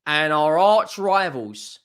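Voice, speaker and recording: A young man ranting in a fan video, swearing often and swinging from low muttering to loud exasperated outbursts. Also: sing-song, slow pace, background noise. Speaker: football fan vlogger.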